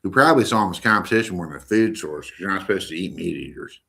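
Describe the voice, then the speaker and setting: A man's voice: low-pitched, animated, fast talker, gravelly, sharp tone, husky. An American man hosting a live stream, rambling and joking in a loose, unfiltered monologue.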